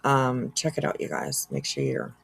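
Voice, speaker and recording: A woman's voice: a bass voice, very animated, normal speed, creaky, husky. A woman hosting a casual reaction livestream, chatty and laughing often as she reads out chat. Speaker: livestream host.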